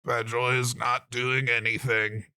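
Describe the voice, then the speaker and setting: A man's voice: mid-range voice, clear, resonant tone, no echo, studio quality. Withered elderly giant, cold and curt, done by a man; drag every word. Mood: flat. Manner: slow, flat, curt pronouncements.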